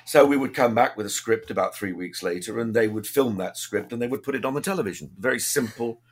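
An older English man from Birmingham, an actor, telling relaxed anecdotes in a casual interview. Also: medium pitch, fast talker, slightly rough. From England, Birmingham. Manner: relaxed anecdotal storyteller, self-deprecating. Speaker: actor guest. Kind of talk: casual interview chat, storytelling.

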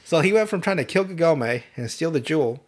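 A man casually recapping an anime on a podcast, swearing often and slipping into quick voices for the characters. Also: on the high side. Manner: profane, animated retelling with quick voiced asides. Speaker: podcast host.

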